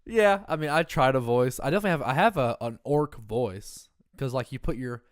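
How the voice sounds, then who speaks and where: A man's voice: medium pitch, fairly quick, dry recording, clean studio sound. A man co-hosting a podcast in casual chat, giggling through his own jokes. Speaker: podcast co-host.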